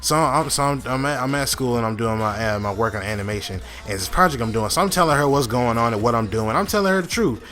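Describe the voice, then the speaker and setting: A man's voice: medium pitch, animated, quick pace, hardly any pauses, a bit bright. A young man casually telling a long story over gameplay, rambling with lots of fillers, restarts and swearing. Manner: rambling, many fillers and restarts, frequent profanity. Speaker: gaming channel host.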